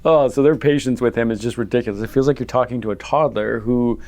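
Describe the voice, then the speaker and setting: Fast-talking exasperated podcast host. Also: male voice, medium pitch. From Canada. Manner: animated, exasperated, mocking impressions. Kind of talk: casual political commentary.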